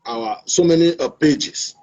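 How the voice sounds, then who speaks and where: A Nigerian host of an online talk show gives an earnest, preachy, opinionated monologue, repeating his points at a measured pace. His voice is fairly high and warm in tone, heard through dull lo-fi stream audio.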